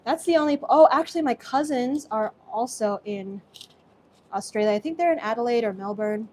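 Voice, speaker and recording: A woman's voice: on the high side, animated, normal speed, dark tone, slight background noise. A young woman with an American accent hosting a live cooking stream from her kitchen, chatty and effusive as she thanks viewers by name. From Singapore. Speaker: host.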